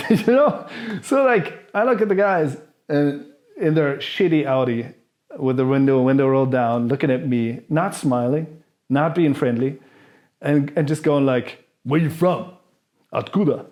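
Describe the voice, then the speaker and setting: A vlogger answering viewer questions tells a personal story, his mid-range voice unhurried and darkish in tone. He speaks casually and candidly, cursing freely and acting out the people involved.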